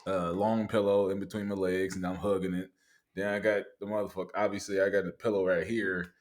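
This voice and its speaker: Low-voiced relaxed man, slangy podcast talk. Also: fairly quick. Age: 30s. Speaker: co-host. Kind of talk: casual podcast chat.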